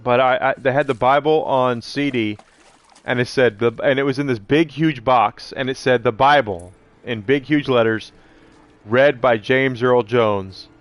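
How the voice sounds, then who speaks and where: A man's voice: medium pitch, unhurried, no room sound. A middle-aged man streaming live, rambling casually and answering his viewers' chat messages.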